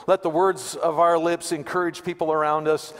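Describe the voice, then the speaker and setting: Brief: casual male pastor, fairly high voice, folksy repetitions, long sanctuary reverb. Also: level tone, normal speed. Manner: conversational, repeats words, joking asides. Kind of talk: sermon. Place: church sanctuary.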